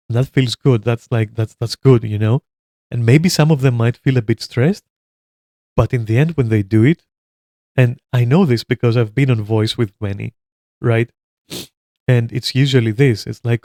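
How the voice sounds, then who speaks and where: A man rants through a gaming commentary, cursing freely and sneering at the players he talks about. His voice sits at an ordinary pitch and comes across close and dry, with no room sound. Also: moderate pace, long pauses, dry recording. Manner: profane, heated, swears constantly; animated and mocking, laughs at his own jokes. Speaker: commentator reacting to a video. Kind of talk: ranting commentary on online gaming.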